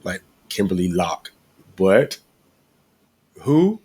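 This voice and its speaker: A man's voice: low voice, very slow, breathy edge. A man co-hosting a casual podcast, telling a story with lots of profanity and acting out the voices of the people in it. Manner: animated storytelling, acts out quoted voices, heavy profanity. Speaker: podcast co-host. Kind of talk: casual chat.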